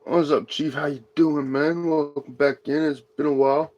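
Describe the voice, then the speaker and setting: A high-strung man hosts his own livestream, swearing freely as he rants to the chat. His voice sits a little high for a man, and he talks in a loose, casual way. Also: level tone, moderate pace, darkish tone. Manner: profane, ranting, high-strung. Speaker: livestream host.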